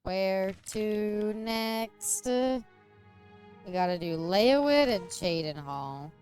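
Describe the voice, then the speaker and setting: A woman's voice: mid-range voice, lively intonation, very slow, darkish tone, soft background music. A woman streaming a game, chatting casually in a giggly, rambling way and making crude jokes. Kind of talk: casual gameplay chat.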